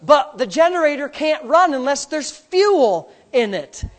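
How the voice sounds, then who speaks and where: A man preaching a sermon as pastor, repeating phrases in a rhythm, calling for amens, and swinging between hushed asides and loud outbursts. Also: very high-pitched, big pitch swings, unhurried. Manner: repetitive, rhythmic phrasing with calls for amen.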